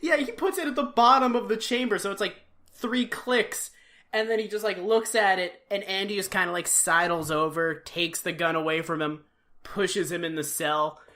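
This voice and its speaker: A woman co-hosting a podcast, recapping an old TV episode in a loose, animated way, full of "like" and acted-out lines. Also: medium pitch, normal speed. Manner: animated storytelling, heavy use of "like", acts out quotes. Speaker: podcast co-host. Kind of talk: casual comedic recap.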